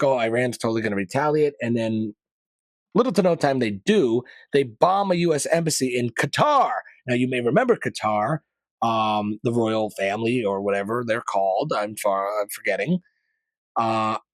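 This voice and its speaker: A man's voice: medium pitch, no echo. Chatty man riffing on the news. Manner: chatty and rambling, opinionated asides; mild profanity, casual slang. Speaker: podcast host. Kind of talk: casual news commentary podcast.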